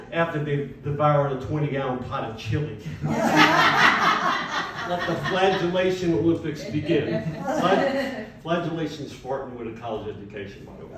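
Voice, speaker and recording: An older man, a retired firefighter, performs brash, profane stand-up stories in a former yoga studio, his voice slightly high. The echoey room, distant mic, audience, and heavy background noise all come through.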